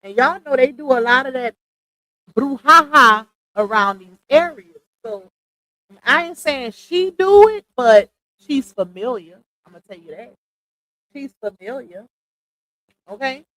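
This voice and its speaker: A woman's voice: sits high, animated, moderate pace, bright, forceful tone, rough recording. A woman commenting casually on a livestream, chatty and laughing often as she reads posts aloud.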